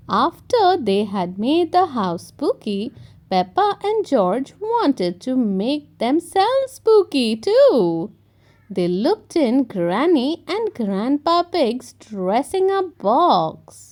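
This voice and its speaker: High lively lady reading a kids book out loud, super slow and expressive. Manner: expressive, gently paced. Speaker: storytime reader. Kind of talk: children's read-aloud narration.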